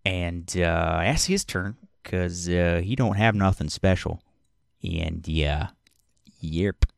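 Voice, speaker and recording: A man narrating as game master of a tabletop role-playing game, relaxed and hesitant, with many fillers. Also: deep voice, slow, gravelly, no room sound, studio quality.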